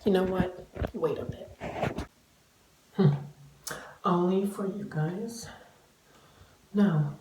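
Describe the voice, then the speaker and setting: A man's voice: sits high, drawn-out words, pauses often, mellow. A young man vlogging in a playful, cursing way, often dropping into whispered asides. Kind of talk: casual vlog chat. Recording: echoey room with background noise.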